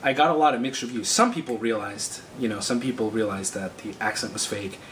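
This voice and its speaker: A young man, a student prankster, telling his story in a casual, deadpan vlog narration. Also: lowish voice, fairly quick, far from the mic. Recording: echoey room with background noise.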